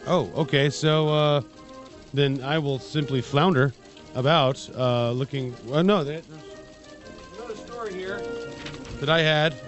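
Jokey male radio co-host, higher voice. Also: measured pace, long pauses, faint music behind. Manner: jokey, sarcastic. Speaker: radio co-host reading news. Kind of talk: casual radio banter.

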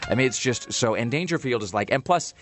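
Podcast host guy, super fast, rambly, lots of "you know" and restarts. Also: mid-range voice, soft background music. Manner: rambling, animated, many restarts and fillers. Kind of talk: casual chat.

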